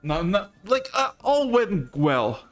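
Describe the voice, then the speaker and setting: A man's voice: high-pitched, sing-song, slow, faint music behind. A man narrating as game master of a tabletop game, rambling with restarts and casual swearing.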